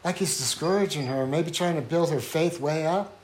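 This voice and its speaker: A man's voice: fairly high pitch, moderate pace, darkish tone. Earnest man preaching a casual sermon. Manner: earnest, conversational, acts out quoted voices.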